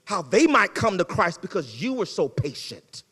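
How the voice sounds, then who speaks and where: Animated preacher in an echoing hall. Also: male voice, sits high, normal speed, slightly rough. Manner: animated preaching, swings from loud to hushed; conversational, folksy phrasing. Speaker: pastor. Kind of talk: sermon. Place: church sanctuary.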